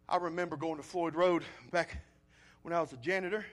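A male pastor preaching a sermon, swinging from loud pleading appeals to quiet, low storytelling. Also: fairly even intonation, a little fast.

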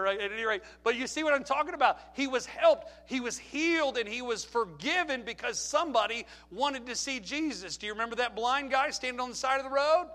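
A man preaching a sermon, animated, acting out the people in his stories and shouting some lines for emphasis. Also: sits high. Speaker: pastor.

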